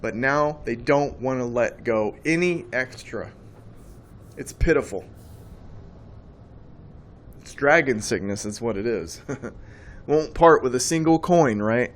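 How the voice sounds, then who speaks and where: A man's voice: medium pitch, lively intonation, takes it slowly, long pauses, slight background noise. A man giving a preaching monologue on faith, emphatic and rambling, often repeating his words as he goes. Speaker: Christian speaker.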